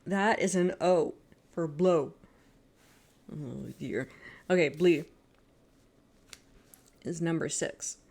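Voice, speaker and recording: A woman's voice: deep voice, slow, vocal fry, long pauses, a little mellow, husky. A woman casually commenting while she plays a mystery game, chatty and self-mocking, often breaking into giggles. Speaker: game streamer. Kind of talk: casual let's-play commentary.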